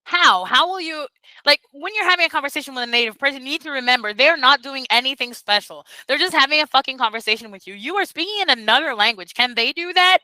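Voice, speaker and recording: A woman's voice: high voice, expressive, quick pace, sharp tone, no room sound, poor audio. A woman mentoring beginner teachers in a casual online session, speaking bluntly and emphatically, with profanity and Portuguese phrases mixed in. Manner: code-switches into Portuguese phrases. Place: Brazil.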